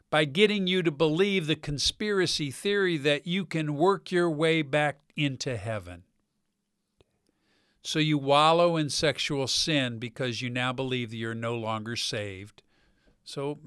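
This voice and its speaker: Male preacher, slightly high voice, emphatic scripture reading. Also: fairly bright tone, smooth, no echo, studio quality. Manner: speaks slowly with stressed words. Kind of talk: sermon.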